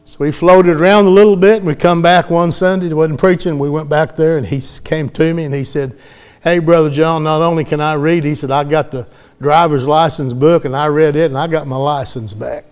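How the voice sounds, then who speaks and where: A middle-aged preacher with a drawl tells a testimony from the pulpit in a folksy way. His voice sits a bit high for a man. He slips into the voices of the people he quotes. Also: fairly even intonation, brisk, clear, resonant tone. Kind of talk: sermon testimony.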